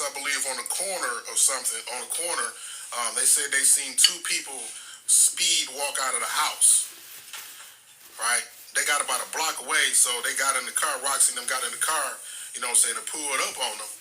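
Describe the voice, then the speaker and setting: Guy on a livestream, real bright voice, blunt and streetwise, cussin and rambling. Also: medium pitch, fairly quick, a little hiss or hum, rough recording. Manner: blunt, streetwise, swears freely; restarts and fillers, rambling. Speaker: livestream host. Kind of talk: casual live-stream talk.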